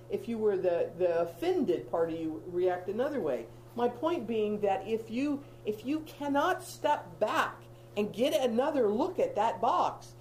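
A woman's voice: medium pitch, darkish tone, a little hiss or hum, rough recording. A woman in her fifties teaching a Bible study group, emphatic and repetitive, with humorous asides.

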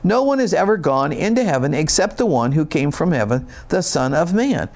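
A man's voice: a little high, very animated, normal speed, a little mellow. A man preaching a sermon, reading scripture and explaining it in a conversational, folksy way with casual asides. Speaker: pastor.

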